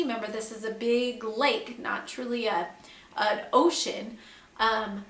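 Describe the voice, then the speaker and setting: A woman with a high, bright voice gives a Bible lesson to young children. She explains each point slowly and clearly and keeps asking them questions. The sound is echoey, as if recorded in a bare room. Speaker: second grade teacher.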